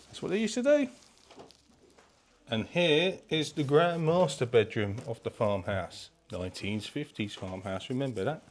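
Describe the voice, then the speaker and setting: A man vlogging a casual walking tour of an open-air museum, chatty and excitable, talking straight to his viewers. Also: medium pitch, measured pace. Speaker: travel vlogger. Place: visiting an open-air museum, indoors and outdoors.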